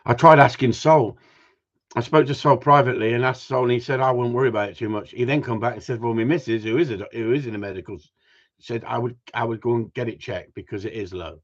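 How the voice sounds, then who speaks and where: Male stream host, mid-pitched, jokey banter with chat, muffled lo-fi sound. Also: fairly even intonation, quick pace. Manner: joking, banters with chat, frequent laughs. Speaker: livestream host. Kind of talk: casual livestream chat. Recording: dull lo-fi stream audio.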